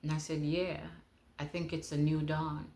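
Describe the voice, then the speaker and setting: Slow, heartfelt woman's testimony. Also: deep voice, level tone. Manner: unhurried and heartfelt, often dropping to a hush. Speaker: speaker sharing her testimony. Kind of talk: personal testimony.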